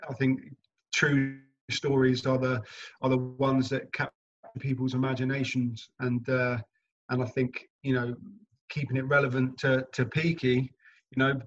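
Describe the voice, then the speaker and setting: A man's voice: mid-range voice, muffled recording. A young man, an actor guest, chatting casually in an interview and telling anecdotes with frequent laughs. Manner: animated anecdotal storyteller, laughing often.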